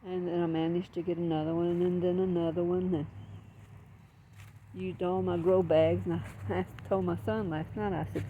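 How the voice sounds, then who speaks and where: A woman's voice: on the low side, level tone, normal speed, phone-quality sound, slight background noise. An older woman with a Southern US accent, talking casually in a folksy, rambling way while filming her backyard garden. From Southern United States. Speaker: garden vlogger.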